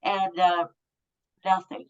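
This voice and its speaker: A woman's voice: on the low side, flat delivery, slow, clean tone. Woman in her fifties, blunt and profane, candid storytelling, muffled sound. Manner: blunt, profane, emotionally raw. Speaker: guest.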